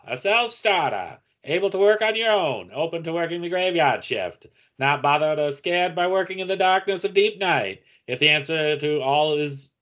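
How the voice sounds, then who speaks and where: A man's voice: a little high, pushed and bright, muffled recording, pitched above the performer's own voice. A man putting on the voice of an old-timey male radio announcer, reading an ad in a grand, hammy way.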